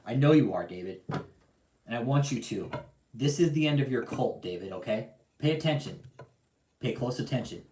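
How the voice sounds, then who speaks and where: A man's voice: mid-range voice, expressive, normal speed, pauses often, darkish tone, reverberant, a little hiss or hum. A man hosting a livestream, ranting angrily and profanely, repeating himself and calling out his target directly. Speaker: livestream host. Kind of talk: heated livestream rant.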